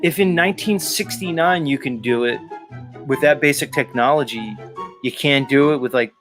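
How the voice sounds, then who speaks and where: A man's voice: mid-range voice, normal speed, fairly bright tone. Man ranting over background music. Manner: agitated, profane, rambling rant. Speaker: host. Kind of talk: ranting commentary show. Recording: talk show with music playing underneath.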